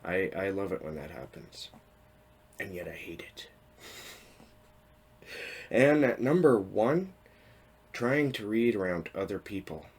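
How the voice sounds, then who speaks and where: A man's voice: low-pitched, big pitch swings, slow pace, long pauses, darkish tone, slight background noise. A man in his thirties chatting casually to camera about his reading habits, rambling and correcting himself with small chuckles. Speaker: book vlogger. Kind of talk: casual talking-head vlog.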